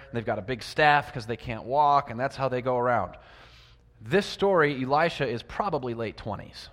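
A man preaching a sermon. He asks his listeners many rhetorical questions and swings between loud emphasis and quiet asides. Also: medium pitch. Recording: long reverb of a large hall.

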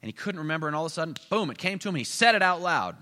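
Animated preacher in an echoing hall. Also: male voice, a little high, rapid-fire. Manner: animated, swings between loud bursts and hushed asides. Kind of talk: storytelling sermon. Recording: echoey hall.

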